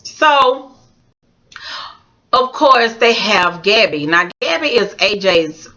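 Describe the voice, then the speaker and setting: A woman vlogger giving a slangy, animated, casual recap of a reality show, talking straight to her viewers. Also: mid-range voice, slow.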